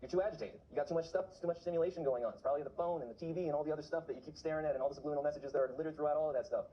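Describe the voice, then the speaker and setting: A man's voice: fairly high pitch, racing, lo-fi sound, a little hiss or hum. A man talking to camera in a casual vlog, urgently exhorting his viewers. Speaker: vlogger on remote viewing.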